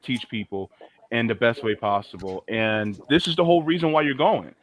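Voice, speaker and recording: A man's voice: mid-range voice, normal speed. A man co-hosting a casual political podcast, jokey and emphatic. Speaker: co-host.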